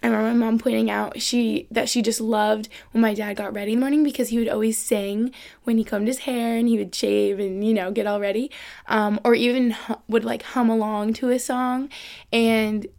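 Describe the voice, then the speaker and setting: A woman's voice: a little high, little pitch movement, moderate pace, gravelly, a little mellow. A young woman from upstate New York hosting her own podcast, chatting casually and rambling with lots of fillers into a computer microphone. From Albany, New York, USA. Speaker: podcast host. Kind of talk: casual solo podcast chat. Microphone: USB-adapter podcast microphone at a computer.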